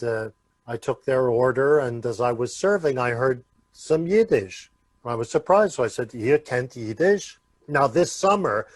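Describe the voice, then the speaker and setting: Unhurried American man telling stories. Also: mid-range voice, no echo. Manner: unhurried, full of "uh" pauses. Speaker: guest, Yiddish actor. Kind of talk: relaxed storytelling in an interview.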